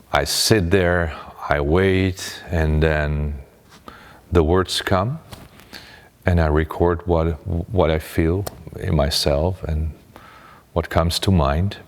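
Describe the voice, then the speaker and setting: A middle-aged man, a meditation teacher and former radio presenter, talks in a calm, unhurried way about his life, often restarting his sentences. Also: low voice, in a large hall. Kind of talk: reflective personal talk.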